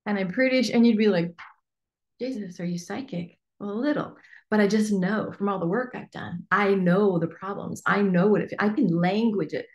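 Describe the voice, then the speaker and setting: A woman business coach teaching a workshop in a chatty, animated way with lots of fillers. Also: mid-range voice, muffled recording. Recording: echoey room.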